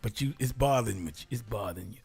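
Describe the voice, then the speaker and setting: A man's voice: lowish voice, fast, gravelly, darkish tone, breathy edge. A man hosting a casual solo talk show, reading aloud and joking around, laughing often and dropping into whispered asides. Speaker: radio host.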